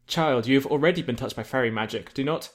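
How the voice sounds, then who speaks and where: A man's voice: mid-range voice, fast talker, lightly acted. A man reading a sad, weary bard. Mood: solemn. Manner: solemn, sad.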